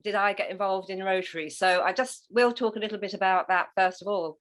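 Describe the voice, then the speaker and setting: A middle-aged woman with an English accent speaks in a conversational interview. Her voice sits at an ordinary middle pitch, and she tells her stories with lively enthusiasm. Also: brisk, crowd noise. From England. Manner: enthusiastic, animated storytelling. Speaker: interview guest.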